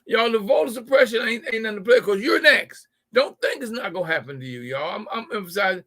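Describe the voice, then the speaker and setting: A livestream show host with a high, fairly bright voice talks fast and expressively, barely pausing. He addresses his viewers emphatically on politics, frequently repeating words as he builds his argument.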